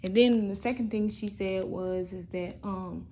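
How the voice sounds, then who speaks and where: A woman's voice: medium pitch, steady tone, unhurried, dark tone. A young woman, talking in a rambling, profane monologue for a posted video. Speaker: vlogger. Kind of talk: casual recorded video monologue.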